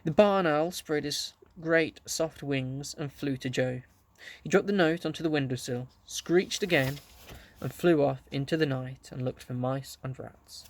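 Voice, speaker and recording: A man reading a children's story aloud, gently telling it and lightly voicing the characters. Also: a little high, unhurried. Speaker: audiobook reader.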